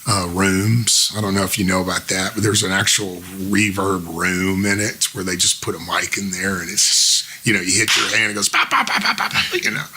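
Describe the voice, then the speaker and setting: A man in his fifties, a musician guest telling stories in a casual, animated way and imitating the people he quotes. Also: sits low, moderate pace, few pauses, a little hiss or hum. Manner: animated storyteller who mimics the people he quotes. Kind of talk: casual storytelling.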